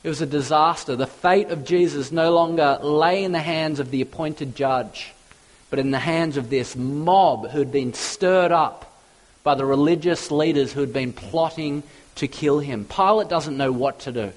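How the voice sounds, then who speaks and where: A man preaching a sermon with passion, stacking up lists that climb to loud peaks and then dropping low and hushed. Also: moderate pace, low-quality recording.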